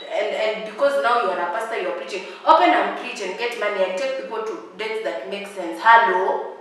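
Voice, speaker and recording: A woman's voice: mid-range voice, moderate pace, a bit bright, recorded from a distance, slight background noise. A young Kenyan woman with a sassy, dramatic, mocking way of talking, ranting through a casual storytime. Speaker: vlogger. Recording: very echoey room, voice off-mic.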